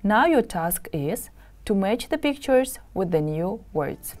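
A woman's voice: medium pitch, sing-song, a little mellow. A woman teaching English in a televised lesson. She sounds each word out carefully and repeats it for students to copy. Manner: slow, careful drills with repeated words.

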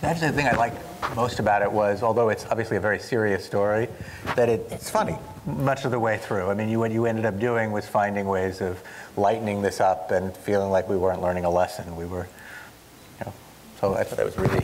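A man with a fairly low voice gives thoughtful feedback on a story. Faint noise sits under his voice. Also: fairly even intonation, fairly quick, poor audio. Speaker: workshop participant. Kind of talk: spontaneous feedback.

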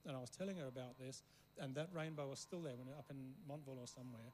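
A guest preacher who grew up in Africa and speaks English as a second language delivers a storytelling sermon of long, rambling anecdotes, constantly checking in with the room. His medium-pitched voice is a little mellow and very fast. The audio is poor, with slight background noise.

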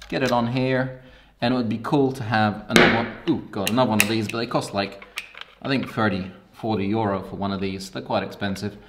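Breathless, excitable man reviewing gear. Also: on the low side, a little hiss or hum. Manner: excitable, rambling, hyping. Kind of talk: casual product review.

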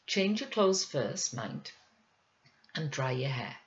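A woman's voice: deep voice, big pitch swings, drawn-out words, lo-fi sound, heavy background noise, heavily acted. A woman voicing a worried, scolding village mother who fusses over her son. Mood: fussing. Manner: fussing, exasperated.

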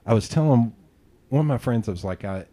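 A man's voice: medium pitch, lively intonation, a little fast, dark tone. A man hosting a podcast, telling rambling, self-deprecating stories in casual chat and swearing freely. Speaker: podcast host.

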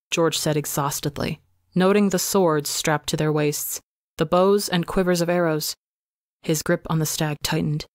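Woman reading a story out loud for a podcast, low voice, measured and dramatic, dry close sound. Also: no room sound. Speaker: podcast reader. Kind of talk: scripted story narration.

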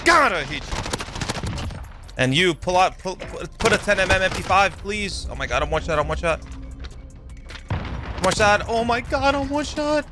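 A young man giving excitable live commentary over his own gameplay, yelping and swearing as the fights heat up. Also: sits high, normal speed, pauses often, over music. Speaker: gaming YouTuber. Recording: game gunfire loud under the voice.

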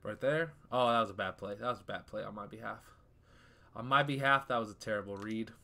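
A young man giving casual live commentary over his football video game, easily frustrated and trash-talking, breaking into sudden shouts. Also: on the low side, fairly quick, vocal fry. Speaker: gaming YouTuber.

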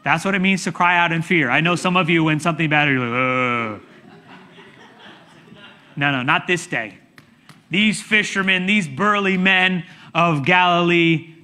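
Male pastor, high-pitched and bright, preaching with dramatic shouts and hushes. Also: normal speed. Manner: dramatic, animated storytelling with sudden shouts and hushed asides. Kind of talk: sermon.

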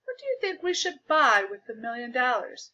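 A woman's voice: high-pitched, big pitch swings, brisk, pushed and bright, voice pushed up, exaggerated voice. A woman reading as a patient male teacher. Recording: dull lo-fi recording.

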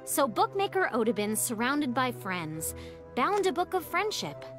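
A woman's voice: high-pitched, very animated, a little slow. A woman voicing a cheerful teenage girl who reads a storybook ending aloud in a cartoon, with music underneath. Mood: storytelling. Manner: storybook reading voice.

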